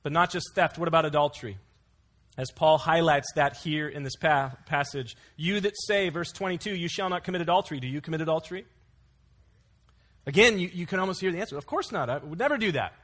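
Guy preaching a sermon, bit higher voice, earnest, tells little stories between verses. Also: a little fast, fairly bright tone. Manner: earnest expository preaching with anecdotes.

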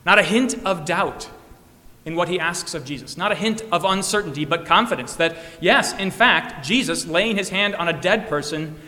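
Male pastor, earnest sermon delivery, bright tone, big reverberant church. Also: normal speed. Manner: earnest, with rising emphatic peaks and soft low endings.

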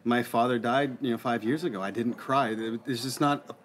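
A middle-aged man speaking in an earnest, halting way, often circling back and restarting his thoughts. His voice sits at an ordinary, middle pitch, and the talk is relaxed and conversational. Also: a little hiss or hum. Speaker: co-host answering listener questions. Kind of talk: casual conversation.

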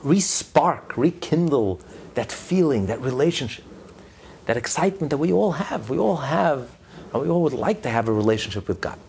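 A man's voice: fairly high pitch, animated, normal speed, gravelly, darkish tone, a little hiss or hum. A man giving a sermon as a religious teacher, driving his points home with emphatic, repeated lists. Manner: tells a joke story mid-lesson.

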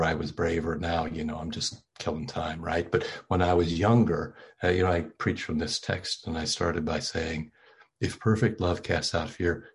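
An older man delivers a sermon from the pulpit in a loose, conversational way, full of ums and self-deprecating asides. His voice sits very low and has a husky edge. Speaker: pastor.

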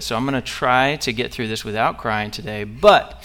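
A man's voice: medium pitch, normal speed, fairly bright tone. A young man preaching as a guest, earnest and personal, with many fillers and restarts. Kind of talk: sermon.

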